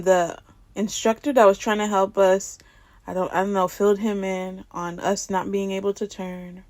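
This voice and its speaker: A woman telling a personal faith testimony in a lively way, laughing and acting out the dialogue as she goes. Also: medium pitch, no echo. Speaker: ministry speaker.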